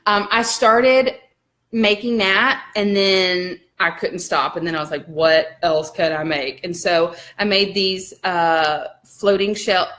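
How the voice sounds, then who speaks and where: A woman's voice: on the low side, fairly even intonation, slow, fairly bright tone. Chatty Southern woman vlogging at home. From Alabama, US. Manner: chatty and upbeat, many "um"s. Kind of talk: casual home vlog. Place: home living room.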